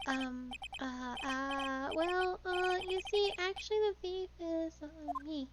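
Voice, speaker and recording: A woman voicing a loud, excitable young man who shouts and stammers, with game music behind her. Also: extremely high pitch, takes it slowly, heavy background noise, pitched above the performer's own voice. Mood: nervous stammer.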